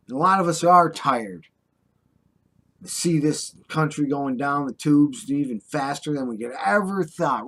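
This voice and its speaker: A man's voice: a little high, fairly bright tone. An older American man delivering an impassioned, scolding monologue to the camera, drawling sarcastic asides. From United States. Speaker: vlogger. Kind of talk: ranting monologue.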